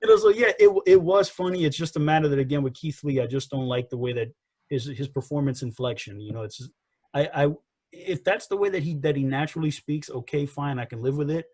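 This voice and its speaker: A man's voice: a little high, very animated, fast talker, a little mellow, no echo. A man co-hosting a casual wrestling review podcast, rambling and repeating himself as he gives his opinions. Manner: rambling, repeats himself, frequent "you know" and "again". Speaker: podcast co-host.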